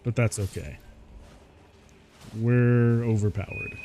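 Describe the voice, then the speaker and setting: A man's voice: mid-range voice, slow, warm tone, a little hiss or hum. A man giving casual gameplay commentary as a VTuber, rambling and laughing often at himself.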